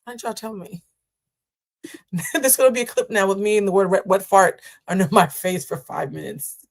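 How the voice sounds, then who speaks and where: A woman with a medium-pitched voice, fairly even intonation, moderate pace, and vocal fry hosts a live tarot reading. Sassy, playful, and chatty, she answers chat casually and calls her listeners "child."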